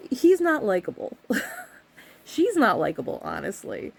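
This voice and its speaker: Lively, exasperated woman vlogger. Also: a little high, a little slow, vocal fry, slightly rough. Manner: exasperated, sarcastic, laughs often. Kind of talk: casual book chat to camera.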